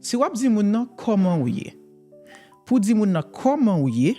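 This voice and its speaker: Lively language teacher. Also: medium pitch, soft background music. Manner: explains in Creole, models English phrases slowly. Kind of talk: bilingual language lesson.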